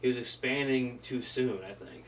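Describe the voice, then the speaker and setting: A man's voice: mid-range voice, moderate pace. A man co-hosting a casual wrestling history chat, rambling loosely and swearing now and then. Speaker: podcast co-host. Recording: distant mic with faint room noise.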